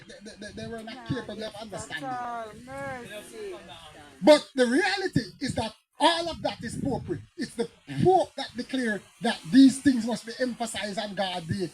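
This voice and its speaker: A man's voice: extremely high pitch, lively intonation, moderate pace, low-quality recording. Fiery Jamaican preacher man. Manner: storytelling, rising to fiery emphatic preaching. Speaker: pastor. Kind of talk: preaching Bible teaching.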